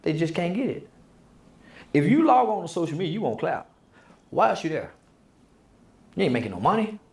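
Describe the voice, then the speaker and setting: A man giving a heated interview, blunt and preachy, firing off rhetorical questions and sometimes raising his voice to a shout. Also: fairly high pitch, very animated, a little fast, vocal fry, roomy sound. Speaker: interview guest. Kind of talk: heated opinionated interview talk.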